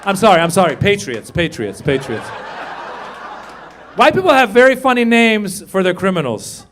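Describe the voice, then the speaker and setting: A man performing a stand-up comedy set, energetic, jumping to loud shouted punchlines and acted voices. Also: high-pitched, moderate pace. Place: comedy stage with a live audience. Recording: live club recording, audience laughter and faint noise.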